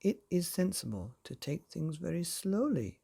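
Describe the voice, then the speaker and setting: A prim, gushing middle-aged mother from a bedtime storybook, put on by a man narrator. She talks in a high, fussy, effusive way. The husky, gravelly grain of the voice stays underneath. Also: sing-song, moderate pace, warm tone, heavily acted.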